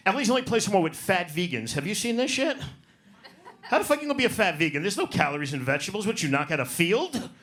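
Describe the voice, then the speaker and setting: A man's voice: high-pitched, very animated, fast talker, fairly bright tone. A man doing a profane, brash stand-up set in a comedy club, working the crowd. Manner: profane, brash, riffs on audience.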